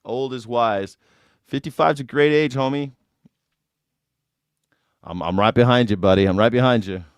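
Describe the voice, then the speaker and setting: A man talking through a live reaction stream in a loose, rambling way, cracking jokes and cursing as he goes. His voice sits at an ordinary middle pitch, and the sound is close and dry with no room around it. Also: moderate pace, clean tone, no echo. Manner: rambling, joking, swearing, breaks into put-on voices. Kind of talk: casual reaction commentary.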